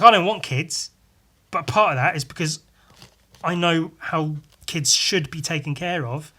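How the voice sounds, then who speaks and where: A man's voice: fairly high pitch, bright, forceful tone. A man hosting a casual solo podcast, ranting bluntly and sarcastically with lots of swearing while he draws at his desk at home. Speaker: podcast host.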